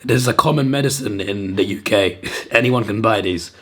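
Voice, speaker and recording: A hoarse man hosting a casual vlog to camera through a sore throat, often laughing at himself. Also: lowish voice, moderate pace, a bit bright. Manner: self-deprecating and laughing often. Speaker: video host.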